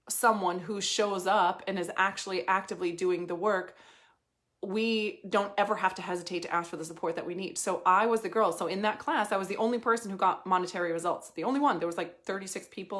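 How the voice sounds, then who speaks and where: A woman's voice: fairly low pitch, fairly bright tone. A woman coaching in a casual motivational monologue, emphatic and swearing, laughing at times. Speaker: life and money coach.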